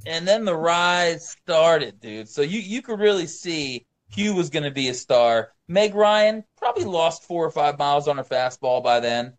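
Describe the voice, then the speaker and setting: A man's voice: on the high side, lively intonation, normal speed, hardly any pauses. A man co-hosting a casual movie podcast, enthusiastic, using slang like "dude" and "bro" and sports metaphors. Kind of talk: casual chat about movies.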